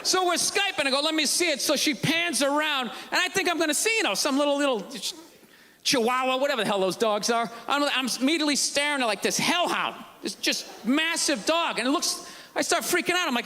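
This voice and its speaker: High-pitched, ranting stand-up comedian. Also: male voice, lively intonation, brisk. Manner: ranting, sarcastic, shouting punchlines. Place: comedy stage before a live audience. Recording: live stand-up with loud crowd and room noise.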